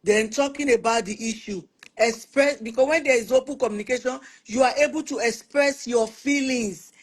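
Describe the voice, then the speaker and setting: A lively woman, talking through marriage problems on a Christian family live stream. She speaks in a conversational teaching tone and leans on repetition to drive her points home. She slips readily into the voices of husbands and wives as she gives examples. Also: on the high side, normal speed, husky. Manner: animated, acts out spouses' quoted lines; repeats words for emphasis. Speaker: host of a Christian family talk show.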